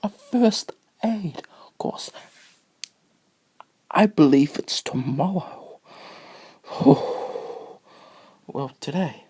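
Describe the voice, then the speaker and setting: Man vlogging with a cough, husky and raspy, dry close sound, rambling, slipping into whispers. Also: fairly high pitch, mellow, no echo. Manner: rambling, easily distracted, drifts into whispers. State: sick with a cough. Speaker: video blogger. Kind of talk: rambling casual monologue. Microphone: phone camera.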